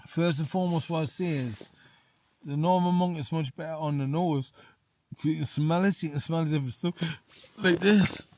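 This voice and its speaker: A man's voice: on the high side, moderate pace, a little mellow, slight background noise. Tipsy chatty man. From England. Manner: chatty, says "mate" constantly, repeats himself. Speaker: outdoor vlogger. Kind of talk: casual beer review to camera. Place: small tent in winter hills.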